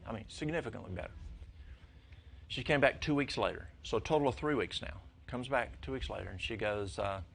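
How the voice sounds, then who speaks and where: An older man telling folksy stories to a church congregation, his voice jumping high when excited. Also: vocal fry, a little hiss or hum. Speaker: lay speaker at church. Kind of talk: storytelling talk to a congregation.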